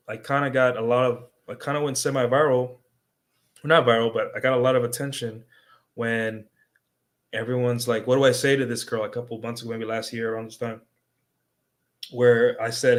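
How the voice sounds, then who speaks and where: A young adult man on a livestream, talking casually as a dating coach and tagging his points with "right?". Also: mid-range voice. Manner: conversational, repeats "right?" as a tag.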